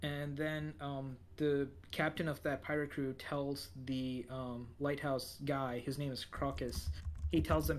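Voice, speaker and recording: A man's voice: mid-range voice, flat delivery, a little slow, a little hiss or hum. A man co-hosting a podcast, recapping an anime episode in a rambling way, full of fillers and restarts. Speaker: podcast co-host.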